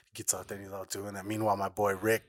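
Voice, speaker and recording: A man's voice: lowish voice, flat delivery, rapid-fire, dry recording, clean studio sound. A man hosting a podcast, telling stories in loose, profane casual chat, with many restarts and laughs along the way. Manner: rambling, laughing storyteller, heavy swearing and restarts. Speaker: podcast host.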